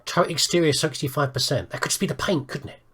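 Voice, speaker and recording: A man's voice: a little high, quick pace, fairly bright tone, a little hiss or hum. A man giving casual let's-play commentary, rambling and thinking aloud with self-mocking asides. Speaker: gaming video host.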